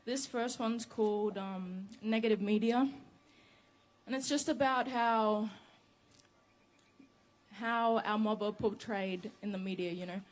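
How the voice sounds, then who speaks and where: A young woman, a rapper talking earnestly to a live crowd between songs, quietly and quickening when excited. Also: mid-range voice. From Northern Territory, Australia. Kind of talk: onstage talk between songs. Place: outdoor festival stage.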